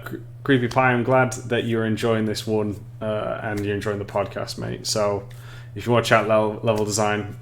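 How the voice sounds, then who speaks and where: A man's voice: fairly low pitch, a bit bright, slight background noise. English man, streamer and tutor, rambling friendly delivery, keyboard typing behind. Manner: chatty, reads chat aloud, frequent restarts and laughs. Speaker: streamer teaching level design. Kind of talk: casual live-stream tutorial.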